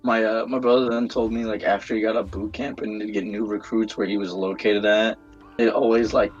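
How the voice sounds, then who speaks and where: A man's voice: lowish voice, fairly quick, slightly rough, muffled recording, faint music behind. Casual man explaining with loose swearing. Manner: relaxed explaining, loose and profane. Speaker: streamer. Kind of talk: casual chat.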